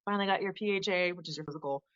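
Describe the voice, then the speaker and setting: A woman in her thirties, a guest on an interview show, telling her story in a casual, animated way and acting out the people she quotes. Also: lowish voice, very fast, dry recording, muffled recording. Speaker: podcast guest, Air Force veteran.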